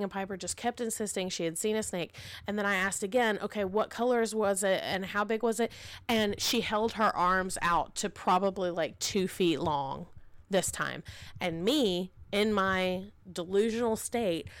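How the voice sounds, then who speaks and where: A woman's voice: mid-range voice, brisk, dry recording. A woman in her thirties co-hosting a podcast, telling a story and acting out the lines she quotes. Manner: animated, acts out quotes. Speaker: podcast co-host, mother. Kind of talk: casual storytelling chat.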